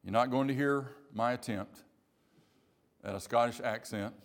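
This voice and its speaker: A pastor from South Carolina, preaching a sermon slowly and deliberately, with emphatic repeated phrases. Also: male voice, mid-range voice.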